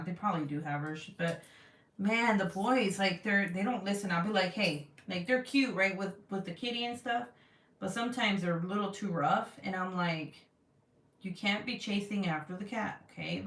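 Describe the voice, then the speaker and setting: A chatty woman vlogging to her viewers in a loose, rambling way, with plenty of likes and ums. Her voice turns lively when she acts out what others said. She sits back from the mic, in a room with a clear echo. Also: mid-range voice. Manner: chatty, lots of fillers, animated when quoting others. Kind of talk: casual chat to camera. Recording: echoey room, voice a bit far from mic.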